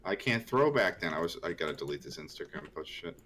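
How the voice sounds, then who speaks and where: A man's voice: sits low, expressive, quick pace, noisy background. A man chatting and teasing friends in a casual gaming session over a headset.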